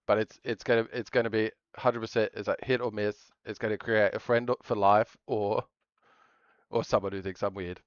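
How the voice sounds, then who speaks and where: A man with a low, smooth, resonant voice chats his way through a live stream, jokey and rambling, often trailing off and restarting his thoughts. The sound is dry and a bit muffled. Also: flat delivery, moderate pace, dry recording. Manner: rambling, jokey, self-interrupting. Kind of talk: casual live-stream chatter.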